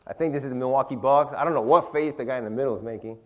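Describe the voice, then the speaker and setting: A man's voice: mid-range voice, rapid-fire, few pauses. A middle-aged man leading an informal sermon and Bible study, calling on listeners to read verses aloud and talking with many restarts.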